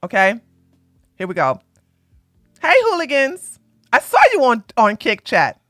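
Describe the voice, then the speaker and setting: A woman host doing live-stream commentary in an animated, sarcastic way, often breaking into laughter. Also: a little high, measured pace, no room sound, clean studio sound, soft background music.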